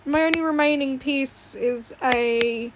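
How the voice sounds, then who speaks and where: In this clip a woman speaks slowly in a high voice, streaming from her home bedroom as she draws. Her talk is casual, rambling and giggly, full of apologies, over a steady background fan hum.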